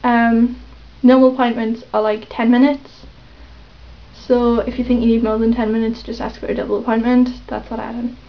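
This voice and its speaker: A woman rambling hesitantly in a casual confessional vlog, with lots of pauses and ums. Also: on the high side. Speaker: vlogger. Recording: dull lo-fi webcam audio.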